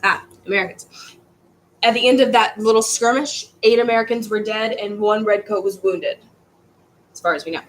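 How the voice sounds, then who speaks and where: A woman's voice: mid-range voice, moderate pace, poor audio. A woman teaching a history class in a casual, rambling way, stumbling over words and restarting.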